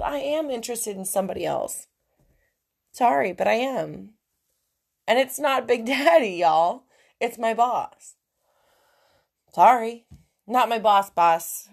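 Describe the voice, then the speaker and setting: A young woman with a gravelly, creaky voice hosts her own podcast alone, speaking frankly and emotionally. She swears freely and swings between heated rants and hushed, sheepish asides. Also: mid-range voice. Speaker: podcast host. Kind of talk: candid solo podcast monologue.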